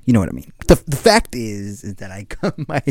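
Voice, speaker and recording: His voice is fairly low with a darkish tone, very animated and brisk, over slight background noise. He's a young man doing a casual solo monologue on his own podcast, meandering through slang-laden chat, laughing often and seeming a little worn out.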